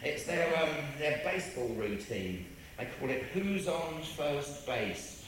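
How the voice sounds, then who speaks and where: Rambling English raconteur, lively pitch, slightly high; recorded far off in a very reverberant space. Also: male voice, slow pace. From England. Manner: rambling, animated, with self-repeats and impressions. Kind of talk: anecdotal storytelling. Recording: very echoey room, distant mic, ambient noise.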